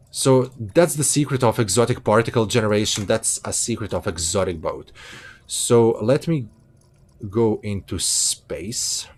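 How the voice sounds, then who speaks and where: A man's voice: medium pitch, a little mellow. A man giving casual, chatty commentary while streaming a space game from a hot room at home, laughing easily and correcting himself. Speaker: gameplay streamer.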